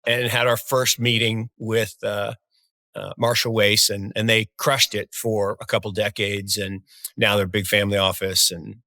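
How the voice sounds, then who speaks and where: An upbeat male podcast co-host with a bright, forceful voice, chatting excitedly about charts and old stories. The sound is dry and close, with no room echo. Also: lowish voice, moderate pace. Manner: enthusiastic, animated storyteller. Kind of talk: casual market talk.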